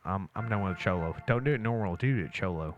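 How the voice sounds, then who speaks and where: A man in casual chat among friends, loud and profane, often cutting in with bursts of exclamation. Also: low-pitched, animated, brisk, lo-fi sound, soft background music.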